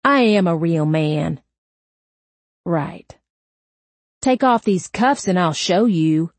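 Audiobook story. A woman reads a sneering, crude young man in a police interrogation, snarling insults in a slow, fairly low voice with a dry, close sound. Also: expressive, no echo, heavily acted. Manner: snarling and crude, turning whiny and panicked when hurt. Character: angry sneering young male suspect under interrogation.

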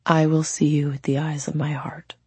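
A woman reading an audiobook voices a gentle, kind male immortal in a soft, measured and tender way. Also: lowish voice, fairly even intonation, breathy edge, no echo.

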